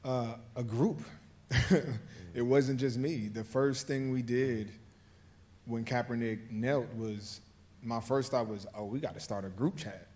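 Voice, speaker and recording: A male guest author answering interview questions on stage. He speaks in a measured, reflective way and often checks in with the listener as he goes. His voice is a mid-pitched man's voice. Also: fairly even intonation, a little mellow. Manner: measured, thoughtful, says "right?" and "you know" often. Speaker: guest author, former football player.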